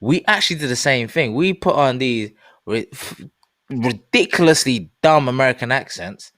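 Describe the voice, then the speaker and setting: Lively London man, dry sound. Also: medium pitch, moderate pace, dry recording. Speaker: podcast host. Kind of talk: casual podcast chat.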